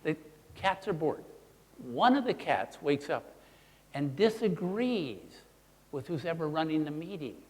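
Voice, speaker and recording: Animated male seminar presenter in a hall. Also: a little high, a little slow, breathy edge. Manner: animated, acts out examples in voices. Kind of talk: teaching seminar. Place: presentation room. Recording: long hall reverb.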